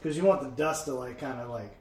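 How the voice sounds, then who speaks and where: A man's voice: mid-range voice, fast, a little hiss or hum. A man co-hosting a podcast, joking provocatively in casual crude banter. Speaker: podcast co-host. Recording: echoey room with faint ambience.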